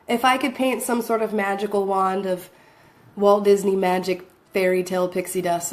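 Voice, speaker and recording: A woman's voice: lowish voice, darkish tone. A woman vlogging to her phone camera, rambling and self-deprecating as she talks casually, often laughing between thoughts.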